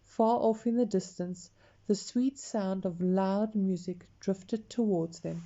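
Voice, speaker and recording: A woman reading a picture book aloud, expressive and talking to the listener. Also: mid-range voice, muffled recording. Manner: slow, expressive, talks to the listener. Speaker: storyteller.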